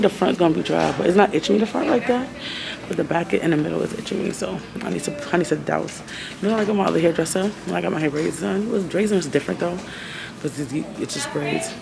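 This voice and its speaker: A woman chatting into a phone held close in a doctor's office, rambling and giggling at herself, sometimes half-whispering. Her voice sits low with a gravelly fry. A noisy recording hisses underneath. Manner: rambling, giggly, self-mocking; talking half-whispered at times. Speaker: vlogger. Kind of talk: casual vlog chat.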